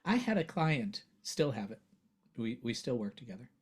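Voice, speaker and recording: A man, a voiceover actor and coach, talking earnestly in a casual interview and growing animated as he makes his points. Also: medium pitch, normal speed, husky. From United States.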